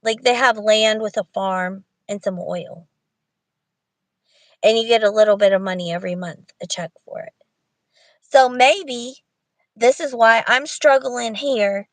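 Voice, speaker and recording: A woman's voice: fairly high pitch, unhurried, pauses often, no room sound, low-quality recording. A woman in casual livestream chat, rambling and thinking aloud to her viewers. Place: Walmart parking lot.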